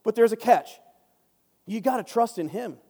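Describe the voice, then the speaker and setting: In a high-pitched, animated voice with a dark tone, a Bible teacher gives a relaxed, jokey study talk at a moderate pace, often breaking off on tangents. Long reverb fills the recording.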